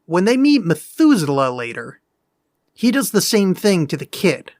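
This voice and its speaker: A man's voice: high-pitched, big pitch swings, normal speed, darkish tone, no room sound, studio quality. A man co-hosting a podcast in casual chat, blunt and profane, with an exasperated edge. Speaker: podcast co-host.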